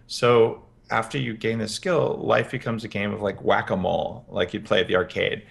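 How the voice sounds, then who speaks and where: Gravelly low-voiced man explaining. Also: little pitch movement, moderate pace. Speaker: podcast guest, health expert. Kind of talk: interview, explaining practical advice. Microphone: headphones with podcast mic.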